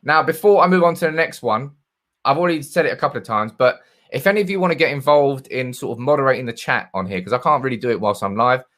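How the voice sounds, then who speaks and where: A man's voice: mid-range voice, quick pace, fairly bright tone. Chatty male football streamer. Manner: chatty, reading viewer comments aloud. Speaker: football channel host. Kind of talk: live-stream chat.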